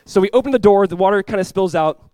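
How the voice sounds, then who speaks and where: Pastor guy telling a story in a sermon, talks super fast, laughs a lot, dry close sound. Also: high voice, a little mellow, no echo.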